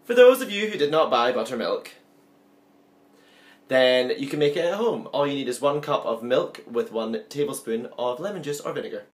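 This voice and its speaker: A man's voice: medium pitch, lively intonation, moderate pace. A man chatting through a home-baking vlog, upbeat and self-mocking as he works in his kitchen. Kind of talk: casual baking vlog chat.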